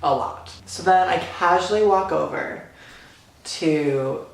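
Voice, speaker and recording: A man vlogging an excited personal story, animated and dramatic, full of "like" and "literally.". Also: on the high side, slow pace, creaky. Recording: echoey room.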